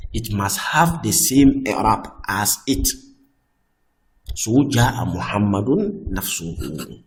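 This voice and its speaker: A man teaching a grammar lesson, patiently explaining rules and often checking that things are clear. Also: lowish voice. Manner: patient, repeats "I hope that is clear", restarts phrases; reads example phrases slowly and louder.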